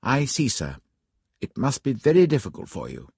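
A man doing a stiffly polite butler, husky. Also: mid-range voice, wildly swooping pitch, normal speed, a little mellow, no echo, studio quality, voice pushed up, exaggerated voice. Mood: formal. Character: formal middle-aged male butler, dutiful.

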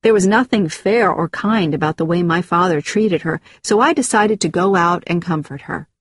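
A woman giving a measured, scripted narration of a first-person memoir. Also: lowish voice, slightly rough, no room sound, studio quality.

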